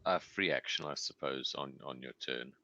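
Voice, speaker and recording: Very deep, gravelly male player. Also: bright, forceful tone, lo-fi sound. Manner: talks through rules deliberately, thinking aloud. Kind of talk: playing a tabletop game.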